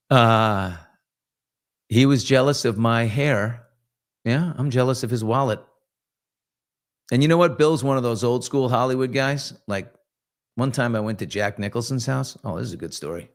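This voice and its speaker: A middle-aged man hosting a relaxed morning chat, with a voice of ordinary pitch. He reads viewer comments and slides into long, joking anecdotes full of asides and restarts. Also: moderate pace. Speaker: host. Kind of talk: casual live show chat and storytelling.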